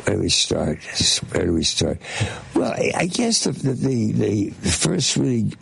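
A man's voice: lowish voice, measured pace, gravelly, slightly rough, low-quality recording. An older man, a guest in an interview, tells rambling anecdotes full of fillers and restarts, livening them with little voice impressions. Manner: lively, mimics voices in his stories. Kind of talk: casual anecdote telling.

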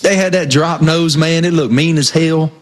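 A man's voice: a little high, steady tone, normal speed. A man co-hosting a casual sports podcast, enthusiastic and folksy. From American South. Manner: enthusiastic, folksy, southern slang. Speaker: podcast co-host.

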